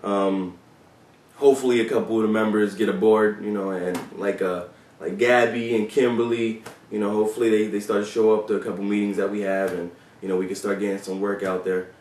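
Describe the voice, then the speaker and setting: A low-pitched man chats casually about his days on the police force, swearing freely and leaning on fillers. His voice sounds set back from the mic. The sound is roomy and echoey. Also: fairly even intonation, brisk, darkish tone, distant mic, slight background noise. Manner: loose and profane, with many fillers. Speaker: former police officer telling stories. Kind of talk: casual storytelling vlog.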